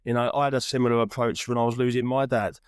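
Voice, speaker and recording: A man hosts an interview podcast with an earnest, encouraging tone, circling back and restarting as he builds his point. His voice sits at an ordinary middle pitch. The sound is dry and close. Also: flat delivery, fast, smooth, no echo. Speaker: podcast host. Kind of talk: reflective interview chat.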